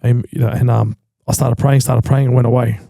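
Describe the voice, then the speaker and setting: A man's voice: medium pitch, flat delivery, fairly quick, gravelly, warm tone, no room sound. An Australian man hosting a podcast, talking in an emphatic, slangy way and repeating himself for stress. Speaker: podcast host. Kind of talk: casual chat.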